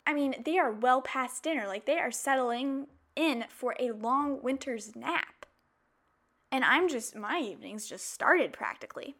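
A woman hosting a podcast, telling personal stories in a casual, animated way, with playful asides and mock outrage. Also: high voice, a little slow. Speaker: podcast host. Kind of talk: casual chatty monologue.

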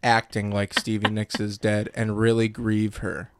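A man's voice: fairly low pitch, unhurried, background noise. A young man co-hosting a casual podcast, cracking crude jokes and retelling his day. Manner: joking, crude, animated retelling. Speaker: podcast co-host. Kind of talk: casual chat.

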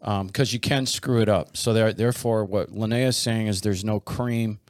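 Low-voiced man rambling on a podcast. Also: fairly even intonation, normal speed, darkish tone, no room sound, studio quality. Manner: rambling, with many restarts and fillers. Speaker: podcast host. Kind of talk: casual chat.

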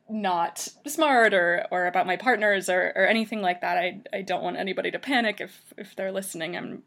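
A woman's voice: mid-range voice, a bit bright. A young woman hosting a podcast, telling a personal story in a casual, chatty way with frequent ums and restarts. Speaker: podcast host.

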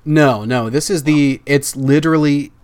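Excitable rambling young man. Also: fairly high pitch, a little slow. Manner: excitable, rambling, laughs often. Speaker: podcast host. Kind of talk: casual chat.

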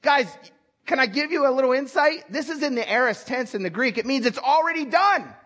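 The preacher here is a man whose fairly high voice carries a breathy huskiness. He moves fairly quickly through an animated, conversational sermon, regularly addressing direct questions to the congregation.

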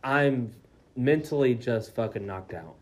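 A man's voice: mid-range voice, expressive, unhurried, darkish tone. A young man co-hosting a casual podcast, telling a story with lots of swearing and acted-out quotes. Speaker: podcast co-host.

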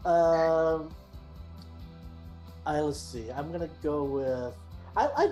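A woman's voice: low voice, takes it slowly, dark tone, lo-fi sound, soft background music. A woman player in casual chat, joking and a bit hesitant.

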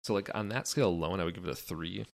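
A man's voice: deep voice, racing, gravelly. A young man co-hosting a podcast, rambling loosely and cracking crude jokes. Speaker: podcast co-host. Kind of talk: casual chat.

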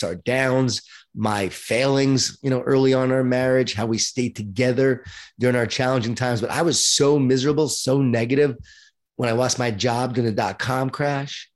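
In an interview, a middle-aged man from Long Island, New York, shares his life story as a guest author. His mid-range voice carries a lively, self-deprecating humor.

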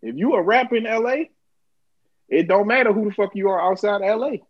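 A man's voice: fairly quick, dull audio. A man co-hosting a casual, profane chat, telling stories animatedly and putting on voices. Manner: animated storyteller, profane, acts out his younger self in a high voice.

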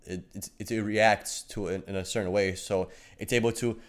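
A man's voice: lowish voice, steady tone, normal speed. A man hosting a podcast interview, asking long, winding questions padded with fillers. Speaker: host.

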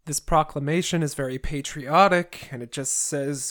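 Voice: medium pitch, moderate pace, few pauses, fairly bright tone. A podcast host recapping a classic novel chapter by chapter, with sarcastic asides and roast-style jokes. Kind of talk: comedic book recap.

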